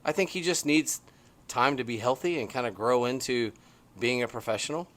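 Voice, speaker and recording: A middle-aged man co-hosting a podcast in an easygoing chat, his voice sitting at an ordinary pitch. He gets excitable as he tells stories, and his emphasis rises and falls sharply. It sounds like a relaxed talk out on a porch. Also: moderate pace. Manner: animated, excitable storytelling with big swings in pitch. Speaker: podcast co-host. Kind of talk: casual chat. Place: porch, outdoors.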